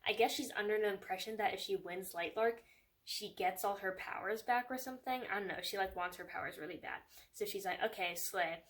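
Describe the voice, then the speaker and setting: Talking fairly quickly at a medium pitch, a young woman gives a casual take on a book she read. She's sarcastic and conversational, drops "like" everywhere, and laughs frequently throughout.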